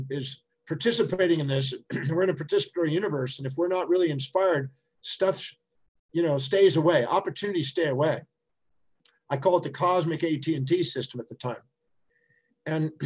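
A man's voice: fairly high pitch, a little mellow, slightly rough, rough recording. A middle-aged man giving an emphatic, conversational talk, telling anecdotes with frequent restarts. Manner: emphatic, repetitive restarts, storytelling. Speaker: speaker and teacher.

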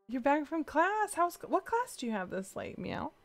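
A woman's voice: high voice, big pitch swings, normal speed, faint music behind. Giggly woman streamer meowing at chat. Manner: giggly, meows between sentences, talks to chat. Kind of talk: casual livestream chat.

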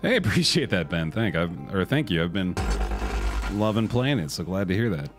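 A low-voiced man streams a game from his home desk mic, laid-back and swearing casually as he plays. His voice swings widely in pitch, and faint game music sits underneath. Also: sing-song, moderate pace. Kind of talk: casual live-stream gaming commentary.

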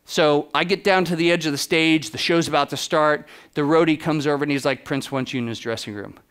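A man giving a keynote talk as a photographer, telling lively anecdotes and acting out the exchanges he quotes. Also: a little high, fairly quick, smooth. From United States. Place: conference stage.

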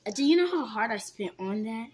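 A woman's voice: a little high, expressive, brisk, darkish tone. A woman in an improvised comedy skit, sounding defensive and protesting.

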